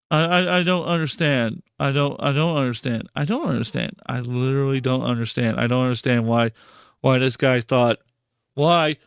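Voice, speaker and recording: A man's voice: medium pitch, creaky, clean tone, no room sound, clean studio sound. A man hosting a live stream, talking casually and repeating himself in disbelief, stammering for words. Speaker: podcast host and streamer.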